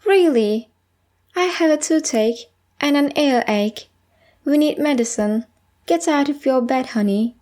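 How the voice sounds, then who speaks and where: A woman's voice: high voice, measured pace, a little mellow. A woman voicing a patient, caring mother who soothes and calls others honey.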